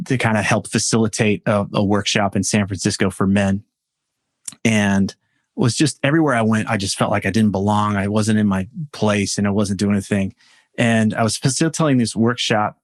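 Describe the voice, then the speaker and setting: A man, a men's coach, speaking as a podcast guest in a reflective, storytelling way with halting restarts. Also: on the low side, dry recording, studio quality. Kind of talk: podcast interview.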